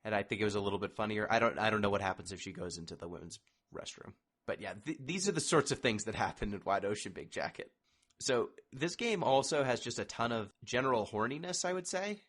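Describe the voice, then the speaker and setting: A man with a somewhat low voice hosts a casual podcast chat. He talks in a wry, discursive way, steering the discussion from one point to the next. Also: expressive, fast, fairly bright tone. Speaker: podcast host.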